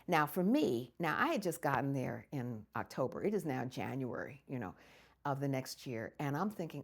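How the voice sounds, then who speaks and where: An older woman from the United States, recounting memories in an interview with lively storytelling and frequent laughter. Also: rumbling low, normal speed, gravelly, slightly rough. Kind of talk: oral history storytelling.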